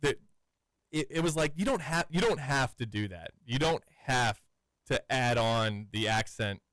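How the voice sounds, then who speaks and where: Chatty radio guy, mid pitch, dry close mic. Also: bright, forceful tone, no room sound, rough recording. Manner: chatty, laughs easily. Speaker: radio sports show host. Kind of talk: casual studio chat.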